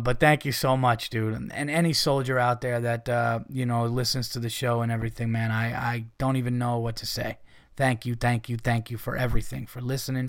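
Male podcast host, loose rambling profane talk full of "um" and "you know", mid pitch, dry sound. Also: a bit bright, no echo. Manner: rambling, profane, frequent fillers and restarts. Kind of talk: casual podcast monologue.

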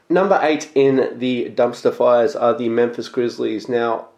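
Excitable podcasting man in an echoey room. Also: mid-range voice. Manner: blunt, excitable, swears casually. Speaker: podcast host. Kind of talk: casual sports betting podcast monologue.

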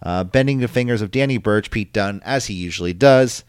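A man's voice: on the low side, brisk, clear, resonant tone, dry recording. A man hosting a casual podcast, rambling through a recap with lots of ums and likes. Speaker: podcast host recapping wrestling. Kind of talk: casual chat.

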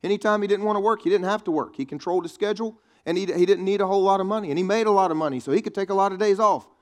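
A man preaching, keeping the tone chatty and teasing his congregation between points. His voice sits a bit higher than most men's. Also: rapid-fire. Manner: conversational preaching with quips to the congregation. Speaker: pastor. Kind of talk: sermon.

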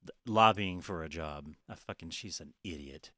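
Low-voiced guy hosting a podcast, swears a lot, chatty, dry close mic. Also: moderate pace, bright, forceful tone, no room sound. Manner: chatty, profane, laughs often. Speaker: podcast co-host. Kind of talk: casual chat.

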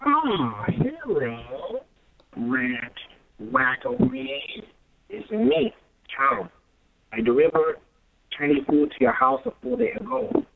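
A man's voice: a little high, wildly swooping pitch, slow pace, creaky, pauses often, slight background noise, full character voice. A man on a phone call voicing a profane, rambling male food delivery driver in a mock foreign accent. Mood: indignant. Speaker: caller. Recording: tinny phone line.

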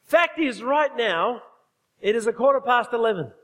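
High-voiced preacher in a hall. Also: male voice, lively intonation, moderate pace, a bit bright. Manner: emphatic, asks the congregation questions. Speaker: pastor. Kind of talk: sermon.

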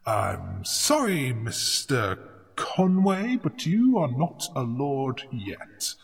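A man playing an elderly tutor of magic, slow and husky, with a gravelly edge to his voice. It sounds like a long, echoing hall, as in a tabletop game. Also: medium pitch, very animated, heavily acted. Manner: slow, measured, formal.

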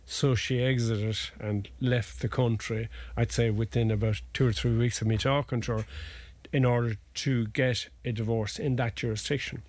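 A man's voice: medium pitch, steady tone, moderate pace, a little mellow. An Irish man, a lawyer guest, talking casually through family law cases with restarts and folksy asides. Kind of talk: conversational legal explanation.

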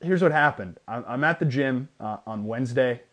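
A man's voice: mid-range voice, moderate pace. Young guy cohosting a sports podcast, chatty, tells stories with lots of restarts. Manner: storytelling, animated retelling with restarts. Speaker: podcast co-host. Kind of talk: casual sports chat.

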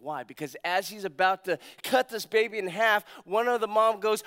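Pastor, male, high smooth voice; animated sermon delivery with acted-out quotes and quiet emphatic drops. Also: normal speed, hardly any pauses.

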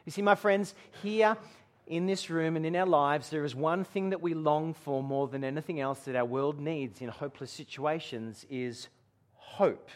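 Guy preaching, pretty high voice, tells stories and goes quiet for the big bits. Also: moderate pace. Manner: storytelling with dramatic hushed drops. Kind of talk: sermon. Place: room with a gathering.

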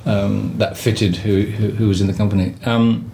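A man directing a play, talking in a casual interview, halting with lots of fillers and restarts. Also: lowish voice, little pitch movement, vocal fry, warm tone, slight background noise. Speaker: theatre director.

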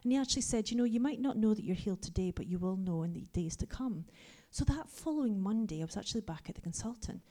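Lively woman preaching. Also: medium pitch, quick pace, few pauses. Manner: animated, drops to a hushed whisper for asides. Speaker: pastor. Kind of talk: lively sermon with personal stories.

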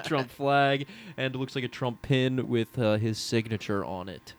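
Slow, giggly male podcast host. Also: medium pitch. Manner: laughs often, reads aloud haltingly with fillers. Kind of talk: casual comedic podcast chat.

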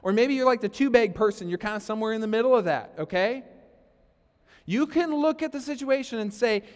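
A man's voice: extremely high pitch, animated, brisk. A man preaching a sermon as pastor, conversational, with sarcastic asides and frequent "okay?" checks. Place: church sanctuary. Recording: long hall reverb.

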